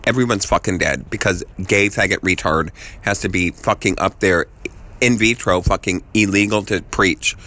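A man leaving a voice message, ranting angrily, swearing constantly and jumping from idea to idea, his voice repeatedly jumping higher and louder. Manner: angry, swearing constantly, jumping between ideas; voice repeatedly jumps higher and louder mid-rant. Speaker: voice message sender. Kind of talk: profane rambling rant.

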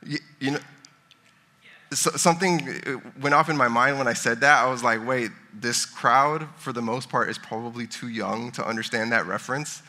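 A man's voice: mid-range voice, steady tone, fairly quick, pushed and bright. A man in his thirties giving a casual sermon, chatting and joking with the congregation. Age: 30s. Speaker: pastor.

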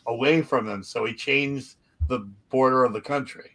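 A man's voice: mid-range voice, steady tone, normal speed, fairly bright tone. A man co-hosting a comedy podcast, telling a story in casual chat and laughing often. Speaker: podcast co-host.

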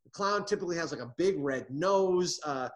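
Animated middle-aged man telling comedy stories. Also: fairly high pitch, moderate pace. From United States. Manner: animated storyteller, restarts often. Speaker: guest, comedy writer. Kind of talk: casual interview.

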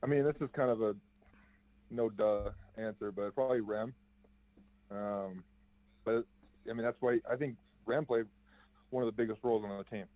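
A young former college basketball player answers interview questions at a moderate pace with long pauses, his voice fairly low and steady. His laid-back, chatty answers are full of fillers, coming through a dry, tinny phone-like line with no room sound.

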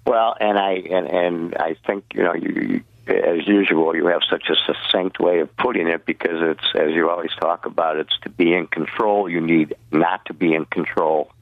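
A man's voice: low-pitched, fairly even intonation, normal speed, few pauses, no echo, phone-quality sound. A man interviewing his guest in a conversational way, stammering a little and speaking admiringly.

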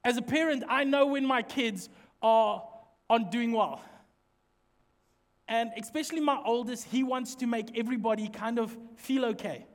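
A middle-aged man, preaching a lively sermon in a church and joking with the congregation. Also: very high-pitched, moderate pace. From South Africa. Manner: lively, joking, with lots of direct questions to the congregation. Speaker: pastor. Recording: echoey church hall reverb.

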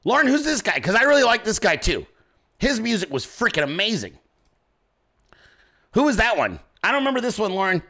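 A man hosting his own show, chatting casually in a rambling, profane, excitable way. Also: high voice, a little fast, long pauses. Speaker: podcast host. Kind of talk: casual chat.

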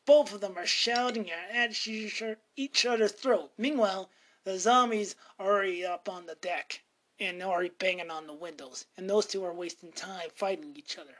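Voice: mid-range voice, normal speed, a bit bright. A speaker casually recapping a horror movie in a rambling way, often correcting themselves mid-sentence. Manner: rambling, frequently self-correcting.

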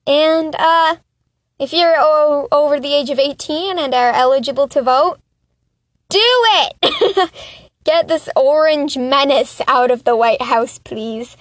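A woman's voice: sits high, no room sound. A woman hosting her own solo political commentary podcast, talking in an impassioned, exasperated rant with chatty, self-mocking asides. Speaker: podcast host.

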